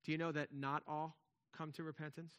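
A man's voice: on the high side, level tone, a little fast, a bit bright, clear, resonant tone, highs cut off. A man preaching a sermon in a conversational way, with emphatic swells and frequent restarts. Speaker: pastor.

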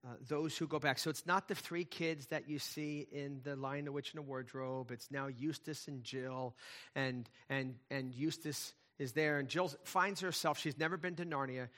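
A man's voice: medium pitch, fairly even intonation, normal speed, pushed and bright. A man preaching a sermon, telling a story to his listeners in an earnest, emphatic way. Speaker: pastor.

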